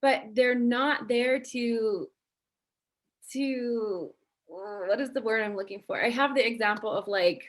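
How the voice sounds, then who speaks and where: Slow-speaking higher-voiced woman guest. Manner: explains points from a numbered list, says "mm-hmm" often while listening. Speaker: podcast guest. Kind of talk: casual podcast chat.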